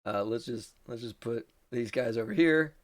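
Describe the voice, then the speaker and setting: Man, mid-pitched game master, casual and laughing. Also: moderate pace, dry recording. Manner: loose, laughing, lots of fillers. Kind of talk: narrating a tabletop game.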